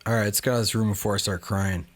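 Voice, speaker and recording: A man's voice: on the low side, fairly even intonation, rapid-fire. A man hosting a travel vlog, talking casually with wry, candid asides. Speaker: travel vlogger.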